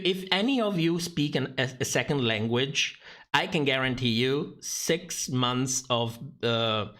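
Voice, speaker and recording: A man's voice: mid-range voice, a bit bright. A man giving sarcastic, profane livestream commentary on a drag competition show, often laughing mid-sentence.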